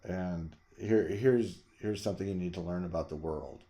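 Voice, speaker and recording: A middle-aged man, the host, chatting casually and rambling about his record collection, jumping to loud emphasis. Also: deep voice, normal speed. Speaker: vlog host reviewing records.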